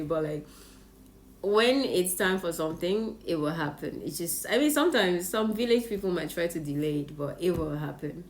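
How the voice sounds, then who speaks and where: A woman's voice: lowish voice, brisk, a little hiss or hum. A Nigerian woman with a Nigerian English accent, animatedly telling a personal story on her vlog with plenty of laughter. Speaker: vlogger. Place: Japan.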